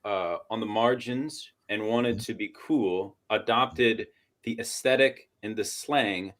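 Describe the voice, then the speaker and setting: Man from Portland, lowish voice, podcast panelist, thinks aloud in halting, theory-heavy sentences. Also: a bit bright. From Portland, Oregon. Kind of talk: casual academic discussion.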